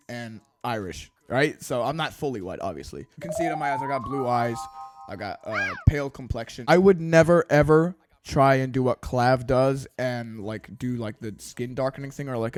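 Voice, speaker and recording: A young British man putting on an American accent, ranting to camera in a rambling, stammering way, swearing and mocking himself deadpan. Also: mid-range voice, moderate pace, a little hiss or hum. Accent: put-on American. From Britain. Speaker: YouTuber. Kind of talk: casual rant to camera. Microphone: desk studio microphone.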